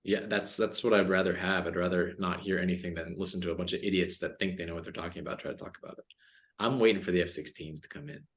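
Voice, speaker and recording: A man's voice: sits low, fast talker, a bit bright. An American man hosting a podcast, talking politics in a blunt, heated way and swearing as he rants. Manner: blunt, heated and profane when ranting. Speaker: podcast host. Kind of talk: casual political chat.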